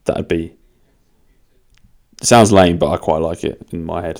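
Unhurried and steady, this young man's low voice is creaky and darkish as he hosts his own podcast. His monologue rambles casually, loose and full of swearing, and he mocks himself along the way.

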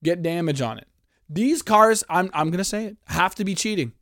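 A fired-up man on a sports podcast, swearing freely and rambling from one gripe to the next. His voice sits a little high for a man, and the sound is close and dry with no room around it. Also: expressive, normal speed, fairly bright tone, no echo. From Canada. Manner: profane, heated, rambling. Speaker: podcast host. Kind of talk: casual sports podcast rant.

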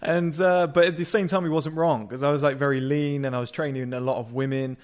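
A young man hosting a podcast, asking relaxed, chatty questions full of fillers. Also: mid-range voice, fast talker. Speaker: podcast host. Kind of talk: casual podcast interview.

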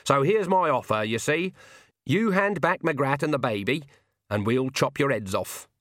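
A man's voice: mid-range voice, normal speed, dry recording, close to an everyday voice. A man voicing a stern shrewd old witch woman. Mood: calm, cutting. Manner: dry, calm, cutting.

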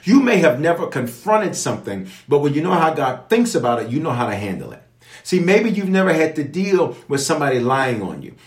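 A man's voice: a little high, big pitch swings, a little fast. Preaching man in an echoey room. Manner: preacherly, repeats phrases, calls for responses from viewers. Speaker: pastor leading online prayer. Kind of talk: livestream sermon and prayer teaching.

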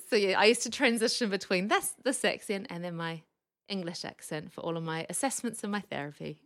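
A woman, a speech pathologist guest, telling lively anecdotes and laughing often. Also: fairly low pitch, brisk, gravelly. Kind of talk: casual storytelling chat.

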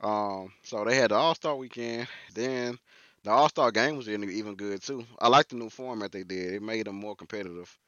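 A man's voice: lowish voice, brisk, dry recording, dull audio. Slangy man in casual banter. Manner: slangy, animated, quoting himself often. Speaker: podcast co-host. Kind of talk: casual chat.

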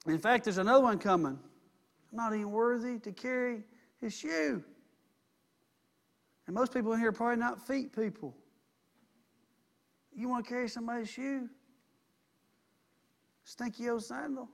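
A man preaching a sermon in a conversational way that swells to emphatic at high points. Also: moderate pace, creaky, long pauses.

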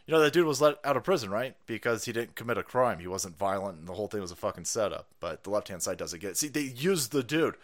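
A man's voice: lowish voice, a bit bright. A man hosting a livestream, ranting through profane political commentary and laughing often. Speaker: livestream host.

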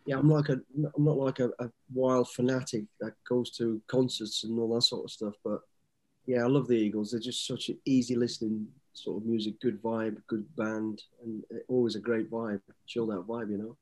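A man's voice: medium pitch, level tone, moderate pace, warm tone. A man in his fifties, a guest telling easygoing, rambling stories with frequent restarts. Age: 50s. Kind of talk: casual storytelling interview.

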